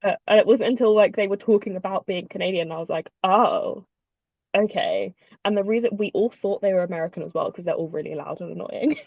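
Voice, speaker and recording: A woman's voice: medium pitch, fast talker, gravelly, hardly any pauses, no room sound, phone-quality sound. A British woman hosting a casual livestream chat, rambling and chatty with frequent ums. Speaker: host.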